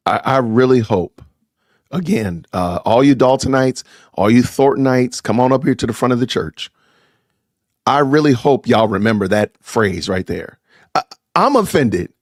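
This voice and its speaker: A man's voice: mid-range voice, animated, moderate pace, no echo, studio quality. A middle-aged man hosting a podcast, delivering an indignant, stammering commentary rant and often repeating himself. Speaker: podcast host. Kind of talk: live-streamed commentary rant.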